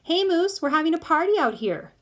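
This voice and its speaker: A woman's voice: medium pitch, moderate pace, lightly acted. A woman voicing an outspoken young girl who announces things plainly. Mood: brash. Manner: brash, announcing.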